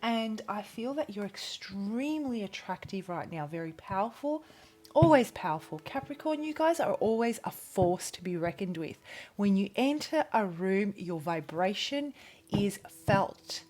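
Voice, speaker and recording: A woman's voice: medium pitch, lively intonation, a little slow, a little mellow. An Australian woman reading tarot in a casual vlog, chatty and enthusiastic, often breaking off mid-sentence. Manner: chatty, enthusiastic, self-interrupting. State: out of breath. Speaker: tarot reader.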